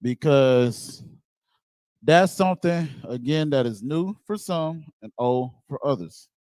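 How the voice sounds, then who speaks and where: Man, blunt casual preacher, high voice, dry close sound. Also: slow, no echo. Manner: animated, blunt, swears casually, laughs and shouts at times. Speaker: speaker on a religious group's show.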